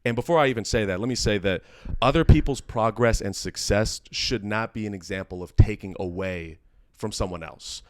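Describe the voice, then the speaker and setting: A man's voice: fairly low pitch, no echo. A man hosting a podcast in casual conversation, earnest and reflective, often restarting his sentences. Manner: earnest and halting, full of restarts; emotional and reflective. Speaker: podcast host.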